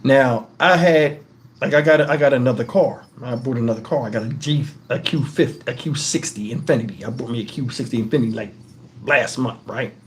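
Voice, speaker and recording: A man's voice: medium pitch, brisk, slight background noise. Rambling, profane storyteller man. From Texas, USA. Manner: animated, profane, rambling with many asides. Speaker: channel host. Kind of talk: casual storytelling to camera.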